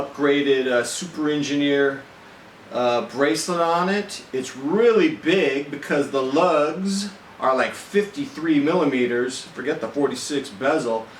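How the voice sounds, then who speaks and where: A middle-aged man vlogging a deadpan, rambling monologue to the camera, with lots of fillers. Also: on the high side, a little hiss or hum. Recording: echoey room, faint ambience.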